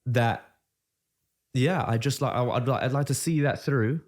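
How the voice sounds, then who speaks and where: A man's voice: medium pitch, normal speed, a little mellow. A man with a British accent co-hosting a podcast, in casual chat, joking and calling his friend mate. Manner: bantering, says "mate" often. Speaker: podcast co-host.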